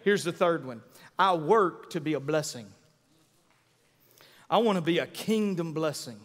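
A man in his thirties preaching a sermon as pastor, animated and given to call-and-response with the congregation. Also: fairly high pitch, measured pace. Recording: long hall reverb.

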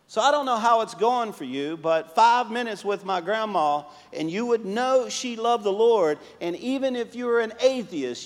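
A man who pastors a church, preaching a sermon and telling stories, swinging between emphatic and hushed delivery. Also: extremely high pitch, in a large hall. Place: church sanctuary.

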